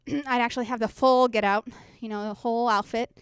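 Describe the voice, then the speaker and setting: A woman's voice: fairly high pitch, fairly even intonation, normal speed, smooth, no room sound, clean studio sound. Chatty woman teaching a workshop. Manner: chatty, checks in with the audience. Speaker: children's ministry workshop presenter. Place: conference workshop room. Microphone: handheld mic.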